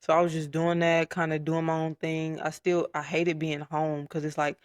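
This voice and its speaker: A young man telling his personal story in a casual podcast chat, candid and soft-spoken, with frequent fillers. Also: a little high, completely flat delivery, moderate pace, no room sound, studio quality. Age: young adult. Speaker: podcast guest.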